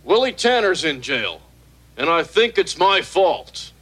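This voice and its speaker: ALF, a cheeky high alien. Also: male voice, very animated, a bit bright, full character voice. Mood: pleading. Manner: blunt, chummy, fast-talking. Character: wisecracking furry male alien, pushy and cheeky. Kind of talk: 1980s sitcom acting.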